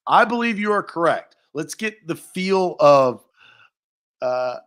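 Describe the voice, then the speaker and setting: A man co-hosting a casual sports trivia segment, reading each question slowly and deliberately. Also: fairly high pitch, animated, a bit bright.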